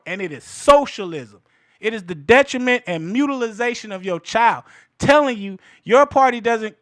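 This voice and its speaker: Fervent male commentator in his thirties, high bright voice, repeats lines for emphasis, dry booth sound. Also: no echo. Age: 30s. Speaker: political commentator. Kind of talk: heated political commentary.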